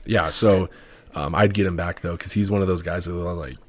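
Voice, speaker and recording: A young man, a podcast guest, telling a story in quick, animated casual talk, full of "like". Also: deep voice. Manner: fast, animated, lots of filler "like".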